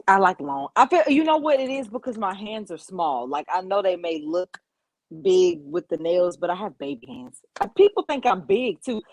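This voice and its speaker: A woman's voice: fairly low pitch, darkish tone, dry recording, rough recording. A woman in her twenties with a Southern US accent, chatting playfully as a podcast guest. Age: 20s. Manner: playful, rambling, self-mocking. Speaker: guest, content creator. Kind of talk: casual interview banter.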